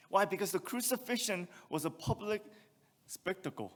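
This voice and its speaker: A man's voice: high-pitched, moderate pace, a bit bright. Preaching man in a reverberant hall. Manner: expository preaching with rhetorical questions and scripture reading. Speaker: pastor. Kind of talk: sermon. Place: church sanctuary.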